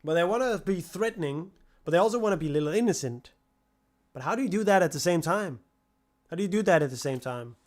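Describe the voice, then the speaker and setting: A young man with a high, animated voice rants quickly on a livestream, profane and exasperated, mocking the people who harass him.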